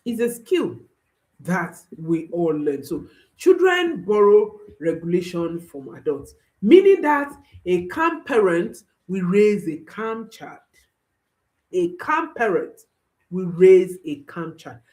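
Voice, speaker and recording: A woman's voice: lowish voice, very animated, slow pace, darkish tone, low-quality recording. A woman speaking as a parenting coach, giving an instructional talk and repeating key phrases for emphasis while reassuring listeners directly.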